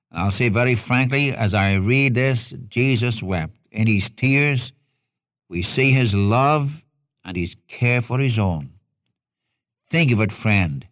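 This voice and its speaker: A man's voice: lowish voice, fairly bright tone, no room sound, studio quality. A man preaching a sermon in an earnest, folksy way, asking rhetorical questions and speaking straight to his listeners as a Bible teacher.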